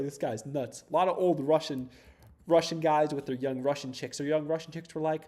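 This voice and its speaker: A man's voice: a little high, fairly even intonation, fairly quick, warm tone. A man from south of Boston talking casually on a live stream while he debugs code, rambling, laughing often and swearing casually. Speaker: startup founder coding on a livestream.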